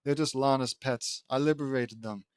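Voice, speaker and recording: A man voicing a gloomy teenage girl, a former comedian turned activist, read in a flat, solemn way. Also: medium pitch, normal speed, clean tone, no echo, studio quality, close to an everyday voice.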